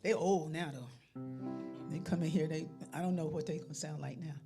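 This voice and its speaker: A woman's voice: low-pitched, fairly even intonation, normal speed, over music. A woman hosting a live devotional show, chatting casually in a loose, folksy way with lots of restarts. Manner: loose, rambling, folksy talk with frequent restarts. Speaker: livestream devotional host. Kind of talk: casual chat.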